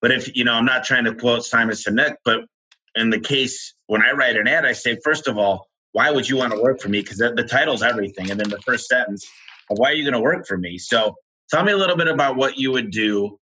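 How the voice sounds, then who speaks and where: A man's voice: medium pitch, a little fast, sharp tone, breathy edge, poor audio. A man hosting a business interview, coaching in a direct, plain-spoken way. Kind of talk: interview chat.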